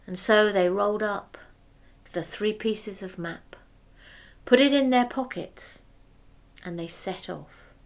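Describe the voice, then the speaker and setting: A woman telling a fairy tale aloud, expressive, dropping to whispers for effect. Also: mid-range voice. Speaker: storyteller. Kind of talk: oral fairy-tale storytelling.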